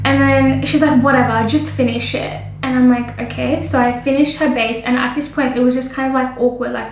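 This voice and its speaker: A young woman vlogging as a makeup artist, telling a story in an animated way and acting out both sides with lots of "like". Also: high voice, echoey room, a little hiss or hum, low-quality recording. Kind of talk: storytime vlog.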